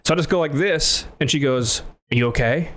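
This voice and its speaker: A man hosting a podcast, telling a story in casual chat, acting out both voices, swearing and laughing loudly. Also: a little high, brisk. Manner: swears casually, says "like" often. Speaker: podcast host.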